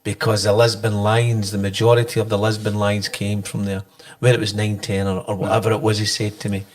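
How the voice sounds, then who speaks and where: A man's voice: fairly low pitch, little pitch movement. A Scottish man hosting a podcast, chatting casually with many fillers. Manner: halting, many fillers, recounts quotes. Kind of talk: casual chat.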